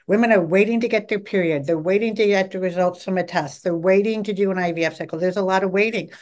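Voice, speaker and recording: A middle-aged woman dietitian, appearing as a podcast guest, speaks fast at a medium pitch. Enthusiastic and talkative in this interview, she eagerly acts out what her patients say, quoting them in lively voices.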